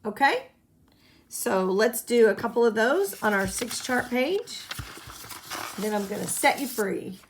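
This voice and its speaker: A woman's voice: fairly high pitch, sing-song, unhurried, long pauses, background noise. A woman teaching a Spanish grammar lesson to her students, patiently explaining and having them repeat rules back. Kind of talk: classroom lesson at a whiteboard.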